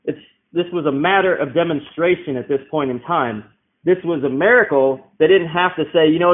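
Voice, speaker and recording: A man's voice: fairly high pitch, normal speed. Man preaching over a tinny line. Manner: explanatory, asks rhetorical questions. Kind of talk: Bible teaching sermon. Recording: tinny phone-like sound.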